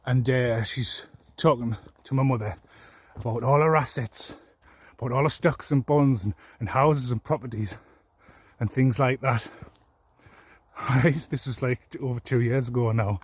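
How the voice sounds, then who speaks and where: A man's voice: mid-range voice, unhurried, slightly rough, no echo. A man ranting angrily to the camera in a rambling, profane, aggrieved way. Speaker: vlogger. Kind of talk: angry personal rant.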